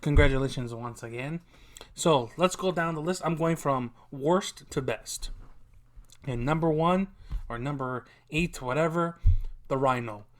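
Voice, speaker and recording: A man hosting a casual opinion vlog, chatty and opinionated, with bursts of loud frustration. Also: on the high side. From Canada. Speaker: vlogger ranking movie villains.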